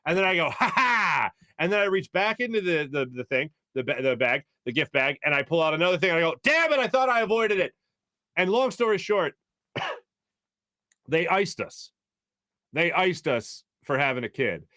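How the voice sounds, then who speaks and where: A Philadelphia man in his thirties hosts sports talk radio at a moderate pace, his voice leaning high. Captured on a studio mic in a radio studio with no room sound, he rambles energetically and restarts his stories often.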